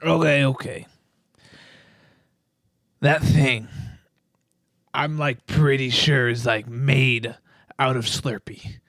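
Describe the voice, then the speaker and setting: A man's voice: medium pitch, steady tone, slow pace, creaky, pauses often, fairly bright tone, no room sound, clean studio sound. A man playing a tabletop game, joking and goofy.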